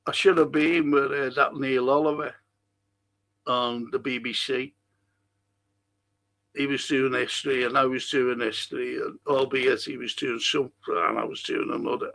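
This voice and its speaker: Speaking at a moderate pace with a medium-pitched, flat and fairly bright voice, this middle-aged man from England has a Liverpool accent. He hosts a live talk stream, rambling through viewer comments in an indignant, blunt way and swearing freely.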